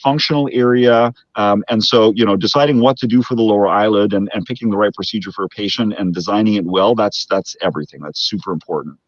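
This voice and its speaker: A man's voice: fairly low pitch, quick pace, few pauses, no echo, highs cut off. A man from Canada, a plastic surgeon, explaining procedures methodically in an interview, with frequent restarts.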